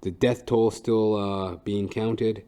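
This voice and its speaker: A man's voice: fairly low pitch, steady tone, takes it slowly, warm tone. A young man hosting a comedy podcast, rambling casually and swearing loosely. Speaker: podcast host.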